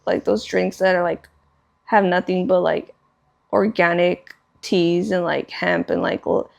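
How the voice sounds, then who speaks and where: A woman's voice: on the low side, lively intonation, measured pace, vocal fry, dull audio. Rambling young woman. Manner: rambling, heavy use of "like", swears casually. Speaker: podcast co-host. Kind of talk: casual chat.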